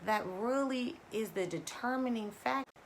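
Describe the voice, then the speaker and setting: A woman's voice: on the high side, moderate pace, a little hiss or hum. A woman hosting a live-streamed spiritual talk as a coach. She speaks to her viewers directly and stresses her points by repeating them. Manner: emphatic and repetitive, addressing viewers directly.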